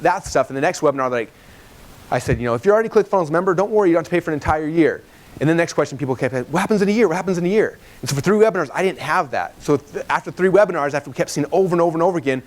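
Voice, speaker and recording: In a live seminar before a room, a trainer in his thirties who runs webinars speaks fast and animatedly. He brings his stories to life by acting out the dialogue in raised, higher voices.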